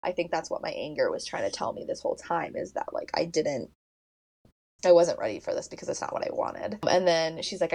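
A young woman co-hosting a casual movie podcast. Her pitch rises and falls a lot as she retells the story, packing her sentences with "like" and breaking into laughs. It sounds relaxed and conversational. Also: normal speed. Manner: animated storytelling, many "like" fillers, laughs often. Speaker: podcast co-host. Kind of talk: casual movie recap chat.

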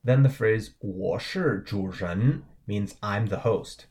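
A man with a somewhat low voice co-hosts a relaxed language lesson podcast. He walks through words letter by letter, naming each tone in an easygoing teaching chat. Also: slow. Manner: spells out pinyin and tones. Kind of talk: casual teaching banter.

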